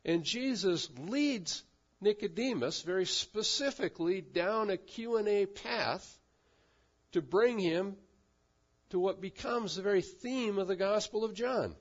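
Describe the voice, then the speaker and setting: A man's voice: high-pitched, animated, takes it slowly. A pastor giving a sermon, talking conversationally and asking his congregation questions. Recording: dull lo-fi sound.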